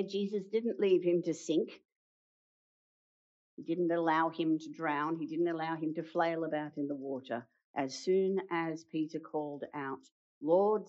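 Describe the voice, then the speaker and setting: A woman preaching a sermon, retelling a story with dramatic pauses and acted-out quotes. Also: low voice, darkish tone. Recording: dull lo-fi sound.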